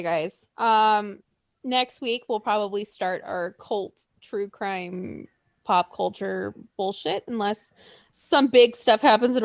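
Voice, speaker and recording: A woman co-hosting a casual podcast chat, excitable and swearing freely, laughing often. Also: medium pitch, no echo, studio quality. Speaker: podcast co-host.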